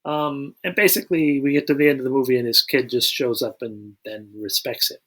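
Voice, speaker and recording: A man co-hosting a comedy movie review podcast, recapping the plot in a dry, unhurried way with halting restarts. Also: medium pitch, fairly even intonation, a bit bright. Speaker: podcast co-host.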